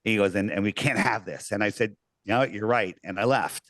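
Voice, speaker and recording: A man telling an animated story as an interview guest, acting out quoted voices and swearing casually. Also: fairly low pitch, a little fast, no room sound, clean studio sound.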